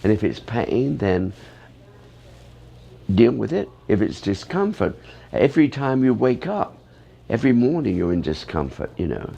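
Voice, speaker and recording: A man's voice: mid-range voice, very animated, a little slow, gravelly, long pauses, mellow, breathy edge, dull audio. A man who teaches ballet, rambling through interview answers with many "you know" fillers.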